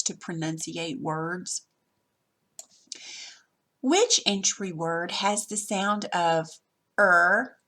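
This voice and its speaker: A woman's voice: lowish voice, a bit bright. A woman teacher patiently walking through a worksheet lesson step by step, recorded over her screen.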